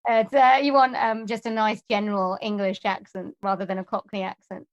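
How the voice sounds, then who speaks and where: A woman's voice: medium pitch, little pitch movement, brisk. A woman from Wales, a voiceover artist chatting casually and upbeat as an interview guest. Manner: chatty and upbeat, laughs easily.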